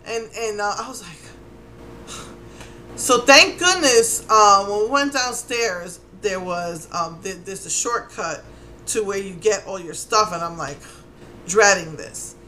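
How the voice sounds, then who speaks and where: A middle-aged woman with a New York Puerto Rican accent, telling a story in a casual, animated way and acting out what people said. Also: medium pitch, takes it slowly, slight background noise. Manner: animated, exasperated, acts out quotes. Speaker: vlogger.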